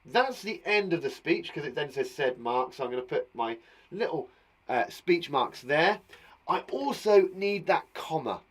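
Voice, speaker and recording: A man's voice: a little high, lively intonation, unhurried. Encouraging English male teacher. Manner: patient, encouraging, talks aloud while writing. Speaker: primary school teacher. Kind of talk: live online English lesson.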